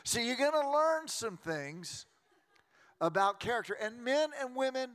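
A man, preaching a sermon as a pastor in a folksy, joking way with quick restarts. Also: very high voice, animated, fairly bright tone, clean tone. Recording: long reverb of a large hall.

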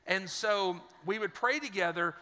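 A middle-aged man preaching to his church in a high, very bright voice. He tells folksy, joking stories as he builds toward his point. His words trail off in the long reverb of a large church hall. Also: unhurried. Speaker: pastor. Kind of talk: sermon. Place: church auditorium.

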